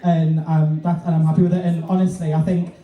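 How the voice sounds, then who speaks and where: A man's voice: a little high, level tone, brisk, mellow. A man co-hosting a live podcast in a bar, rambling and full of fillers, swearing freely. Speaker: co-host, drag performer. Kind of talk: casual live podcast chat. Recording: echoey bar, distant mic.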